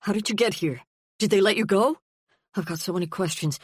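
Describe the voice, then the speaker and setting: A woman's voice: mid-range voice, husky, no room sound, clean studio sound, lightly acted. A woman voicing a frantic, relieved father. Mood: overjoyed, urgent. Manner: urgent rapid questioning.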